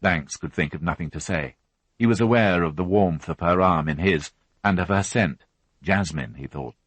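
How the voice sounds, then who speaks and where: A man narrating a crime novel as an audiobook reader, unhurried and even. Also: deep voice, breathy edge, dry recording. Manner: even, unhurried reading with voiced characters. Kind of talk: scripted narration.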